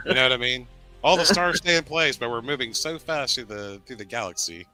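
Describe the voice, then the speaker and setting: A man's voice: medium pitch, normal speed, bright, forceful tone, soft background music, rough recording. A man in a casual podcast chat, rambling through stories, laughing between phrases and acting out both sides of a conversation.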